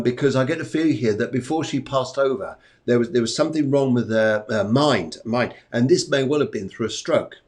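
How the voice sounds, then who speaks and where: Indoors at home while a storm goes on, a man hosts a live psychic medium show. His voice sits at medium pitch with a slightly mellow quality, and he rambles in casual chat and readings, repeating phrases often.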